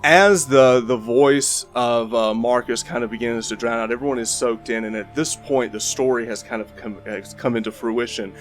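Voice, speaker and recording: A man's voice: medium pitch, fairly even intonation, moderate pace, few pauses, soft background music. A man narrating as game master of a tabletop game, rambling with frequent restarts.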